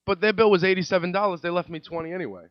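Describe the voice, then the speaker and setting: A man's voice: high voice, steady tone, very fast, no echo. A man in his thirties, a podcast host telling comedic stories in a profane, exasperated rant. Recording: dull lo-fi, dry.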